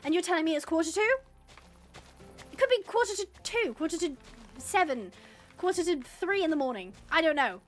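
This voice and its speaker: English woman streaming games, high voice, rambly chatty vibe, little bit of music behind. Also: fairly bright tone. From England. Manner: chatty and rambling, laughs often, reads chat aloud. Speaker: live-streaming gamer. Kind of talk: casual live-stream chat while gaming.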